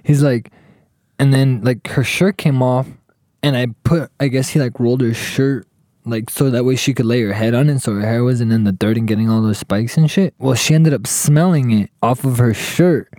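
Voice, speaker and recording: A young man spins a rowdy, profanity-laced story for his friends, slipping into the voices of the people in it. His voice is dark and mellow, recorded dry and close. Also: medium pitch, normal speed, no echo. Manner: profane, animated, acts out quotes.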